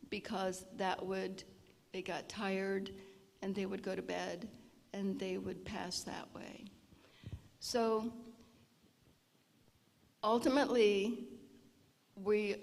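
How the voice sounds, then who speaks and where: A woman giving an informal lecture with storytelling, often clearing her throat. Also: medium pitch, darkish tone. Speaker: health presenter at a seniors' event. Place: church hall. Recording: long reverb of a large hall.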